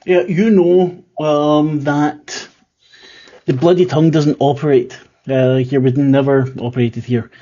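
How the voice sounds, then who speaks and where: A man's voice: fairly high pitch, little pitch movement, a little slow, mellow, dull audio. A man running a tabletop horror game as keeper, talking casually with lots of fillers and restarts. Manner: rambling, filler-heavy, self-deprecating.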